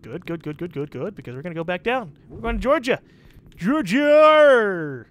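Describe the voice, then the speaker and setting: A man with a central North American accent, giving casual let's play commentary, excitable and swearing freely. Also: sits high, fast. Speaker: gaming commentator.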